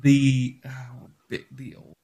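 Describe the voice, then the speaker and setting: A man running a tabletop game as game master, talking with many pauses and restarts. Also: mid-range voice, completely flat delivery, mellow. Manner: halting, lots of fillers and restarts.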